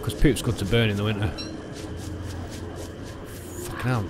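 A man commentating on a video game he is playing, excitable and sweary, often yelling at the game. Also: lowish voice, moderate pace, very noisy. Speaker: let's play gamer. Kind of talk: gameplay commentary.

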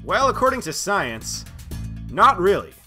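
Male science host, raised pitch, chatty jokey explainer, bright edge. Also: very animated, measured pace, soft background music. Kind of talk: casual science commentary.

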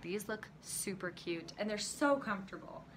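A woman's voice: medium pitch, lively intonation, moderate pace, a bit bright, slight background noise. A young woman chatting casually to her vlog camera in a rambling way, with lots of fillers and small laughs. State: shivering with cold. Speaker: vlogger. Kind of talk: casual chat.

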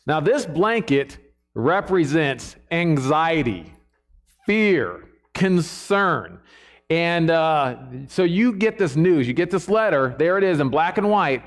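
A man's voice: on the high side, big pitch swings, slow. A man preaching a sermon to a church congregation in a conversational way, often checking in with the listeners.

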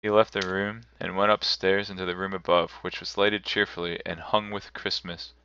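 A man streaming a live narration of a classic novel, telling it in a measured, steady way. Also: low-pitched, muffled recording, slight background noise. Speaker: streamer reading aloud.

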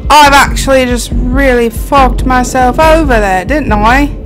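Jumpy, chatty woman streamer, higher voice. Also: measured pace, over music. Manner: jumpy, chatty, shrieks when startled. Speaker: gaming streamer. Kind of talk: let's play commentary.

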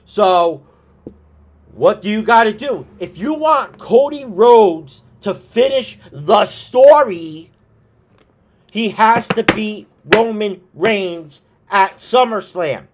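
On a casual wrestling vlog, a man with a voice that sits high for a man drawls out his points slowly, with lively intonation. He throws in swears and exasperated asides, and he has the hiccups.

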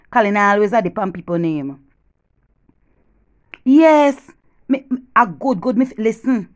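Here a Jamaican woman plays out a comedic one-sided phone conversation at medium pitch, gossiping with energy and flipping between boastful loudness and secretive whispers.

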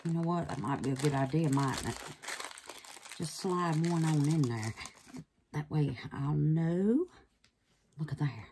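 In her relaxed resin craft channel, the female host chats warmly, calling viewers babies and honey, and drops into nervous whispers while working. She has a low, mellow, husky voice, unhurried and with frequent pauses.

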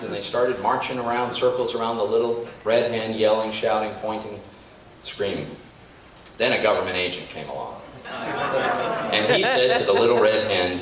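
A man's voice: lowish voice, normal speed, a little hiss or hum. A male political candidate telling a fable in a wry, folksy way to a live audience. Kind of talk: storytelling speech to a live audience. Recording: echoey room, distant mic.

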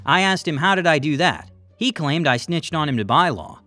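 Low-key young clerk, read by a male narrator, soft and dry. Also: animated, moderate pace, no echo, soft background music. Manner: quiet, dry, matter-of-fact.

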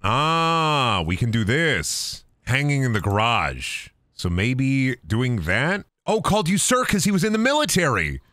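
With hardly any pauses, a young streamer delivers casual live commentary on a ghost-hunting game, joking, swearing, and slipping into silly voices. His mid-range voice is bright and forceful, with big pitch swings at a measured pace, recorded at studio quality with no echo.

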